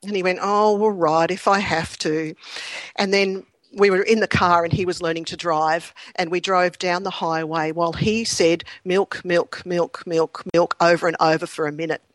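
A middle-aged woman, a clinical psychologist, chatting in an interview with lively anecdotes, ums and frequent laughter. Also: fairly low pitch, moderate pace, few pauses, dry recording. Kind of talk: conversational interview storytelling.

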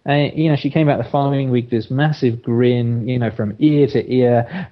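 Male therapist guest, mid-pitched, halting and full of fillers, on slightly muffled audio. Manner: hesitant, many restarts and fillers. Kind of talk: conversational interview storytelling.

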